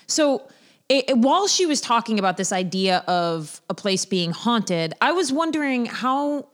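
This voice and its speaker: A woman co-hosting a casual podcast, joking and cutting in with quick asides. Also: on the high side, sing-song. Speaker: podcast co-host.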